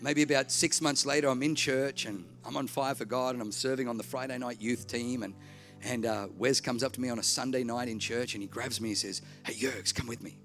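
A man preaching a sermon, telling a story and acting out the voices, swinging from hushed to shouting. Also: medium pitch, fairly even intonation, a little fast, soft background music.

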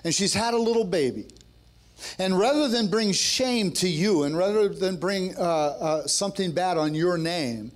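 A man's voice: high voice, moderate pace. A man preaching a sermon at a men's gathering, telling a story and then building to fervent, rousing exhortation with joking, conversational asides.

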